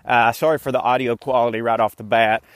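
A man's voice: medium pitch, fairly even intonation, fast talker, no echo. A man, out of breath as he walks and talks into his phone, giving a chatty, joking update to his podcast listeners. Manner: chatty, laid-back, joking. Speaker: podcast host. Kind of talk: casual walking update. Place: outdoors on a walk. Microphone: phone mic instead of usual microphone.

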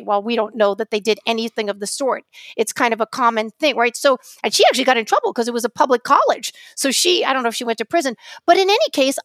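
Heated New York woman co-host, high and bright voice, close dry mic, rambling storyteller. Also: no room sound. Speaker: podcast co-host, journalist. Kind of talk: casual podcast chat.

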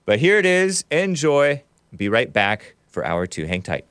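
A man hosting a live call-in talk show, upbeat and breezy, with quick asides. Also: clear, resonant tone, no echo. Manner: upbeat, quick asides and bursts of high excitement.

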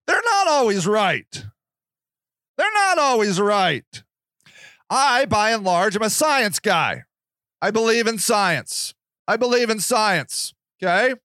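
A man's voice: high voice, very animated, takes it slowly, pushed and bright, dry recording, clean studio sound. A man talking in a casual podcast monologue, profane and sarcastic as he rants. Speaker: podcast host.

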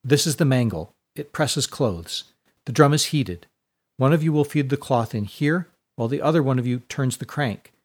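A man's voice: mid-range voice, animated, normal speed, close to an everyday voice. Sister Restraint, a man doing a stern nun. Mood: instructive. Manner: curt, instructive commands. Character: stern, injured middle-aged nun overseeing laundry.

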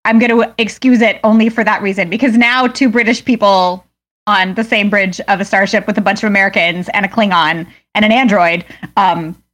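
A woman co-hosting a casual podcast chat, animated and laughing often. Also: medium pitch, brisk. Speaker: podcast co-host, Star Trek veteran.

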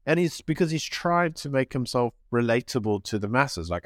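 A man's voice: medium pitch, expressive, normal speed, dry recording, studio quality. A man co-hosting a podcast in casual chat, talking in an opinionated way and sometimes acting out what others said. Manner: opinionated, acts out quotes in other voices. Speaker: podcast co-host.

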